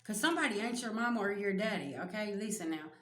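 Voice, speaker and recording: A woman's voice: mid-range voice, animated, quick pace, a bit bright, echoey room. A woman giving a casual spiritual reading to her viewers, blunt and emphatic, swearing freely and speaking straight to them. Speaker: spiritual reader.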